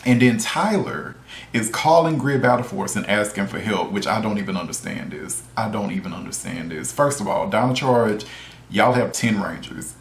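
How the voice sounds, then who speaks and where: A man's voice: lowish voice, animated, normal speed, gravelly. A man giving a casual, ranting video review, incredulous and exasperated, repeating himself, cursing and laughing. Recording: roomy echo.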